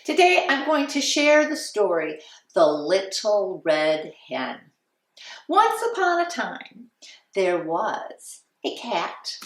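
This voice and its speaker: Slow, sing-song woman reading to children. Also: medium pitch. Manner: sing-song, animated, acts out animal sounds. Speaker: children's story time host. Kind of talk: children's songs and storybook reading. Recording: roomy sound from a distant mic.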